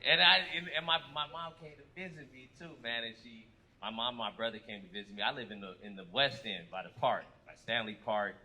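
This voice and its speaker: A man performing a stand-up comedy set, telling stories with lively acted-out quotes. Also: medium pitch, fairly quick, rough recording. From United States. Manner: animated storytelling with acted-out quotes. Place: comedy club stage with live audience. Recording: live club recording with audience noise.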